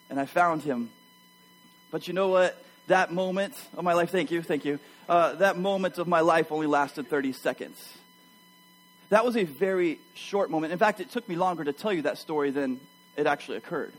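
A man preaching a sermon to his church, telling a personal story with animated energy and addressing the congregation directly. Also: on the high side, normal speed, poor audio. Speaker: pastor.

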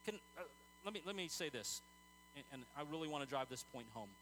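A man's voice: a little high, lively intonation, fast, a bit bright, slight background noise, poor audio. A man preaching a sermon in an earnest, conversational way, telling stories with many fillers and restarts.

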